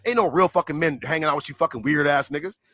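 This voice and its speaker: A man's voice: on the high side, quick pace, bright, forceful tone. A man on a livestream, ranting and hurling insults in an aggressive, repetitive way.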